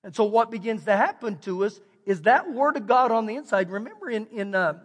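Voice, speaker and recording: A middle-aged Texan pastor with a fairly high voice preaches in a folksy, animated way, doubling his phrases as he tells a story. His voice rings with a long reverb from a large church hall. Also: brisk. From Texas. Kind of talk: storytelling sermon. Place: church sanctuary.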